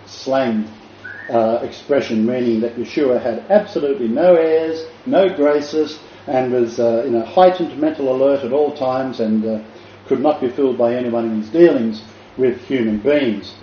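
A man with an Australian accent preaching an informal sermon, pausing often, then building with emphatic repetition. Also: mid-range voice, slight background noise. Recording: echoey, distant, dull room recording.

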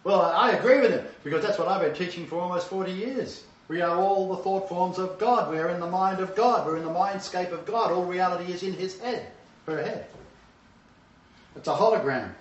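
An older man in his sixties preaching a sermon, swinging between emphatic loud bursts and hushed, low asides. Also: a little fast. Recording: roomy, distant, dull-sounding hall recording.

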